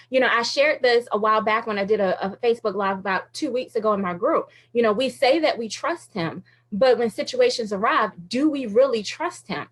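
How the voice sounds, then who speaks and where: A woman radio host telling a faith story in a casual, animated way, with lots of fillers and frequent laughter. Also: a little high. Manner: uses many fillers like "like" and "you know".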